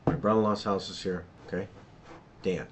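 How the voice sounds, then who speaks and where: Brief: middle-aged male witness in a police interview room, lowish voice, retells events in a tumbling, repetitive rush. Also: fairly even intonation, a little fast, a little hiss or hum. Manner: tumbling, repetitive storytelling with restarts. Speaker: witness being questioned by police.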